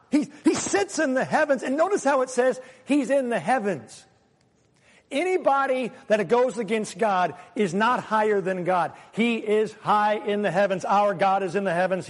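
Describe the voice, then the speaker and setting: A man preaching a sermon as a pastor, animated, sometimes acting out the voices he quotes. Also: high voice, normal speed. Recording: long hall reverb.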